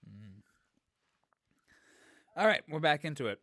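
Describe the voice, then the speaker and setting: A man co-hosting a casual podcast, joking loosely and stumbling through restarts. His voice sits a little high, and the recording is dry and close. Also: big pitch swings, takes it slowly, sharp tone, dry recording. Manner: loose, jokey, restarts often. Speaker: podcast co-host. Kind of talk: casual chat.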